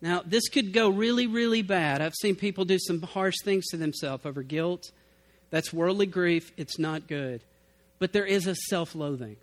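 A man's voice: sits high, moderate pace. A middle-aged man preaching a sermon as pastor in a conversational way, acting out people's excuses. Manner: conversational, acts out quoted excuses.

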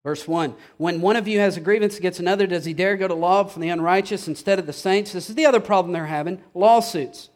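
A man preaching a sermon with passion, swinging from hushed asides to loud outbursts. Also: high voice, fast talker, hardly any pauses. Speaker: pastor.

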